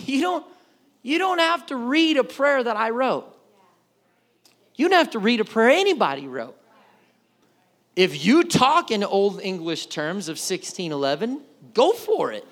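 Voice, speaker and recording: High-voiced joking male pastor. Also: sing-song, a little slow, pauses often, a bit bright. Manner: conversational, joking, acts out voices. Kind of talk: casual sermon.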